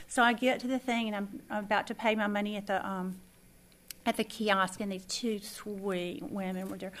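A middle-aged woman teaching a faith lesson, telling a personal story with lively acted-out dialogue. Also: medium pitch, normal speed. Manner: animated storyteller who acts out quoted dialogue. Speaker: Bible study teacher.

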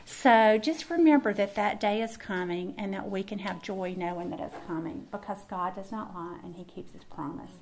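A woman's voice: medium pitch, normal speed. Lady preaching, middle-aged, chatty and folksy, talks right to the room. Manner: folksy, warm address to the room. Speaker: women's Bible teacher. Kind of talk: sermon.

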